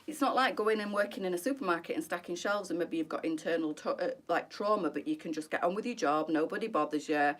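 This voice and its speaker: A woman's voice: fairly low pitch, fast talker, few pauses. A middle-aged woman, a boutique presenter chatting candidly and emotionally on a live stream, answering viewers by name.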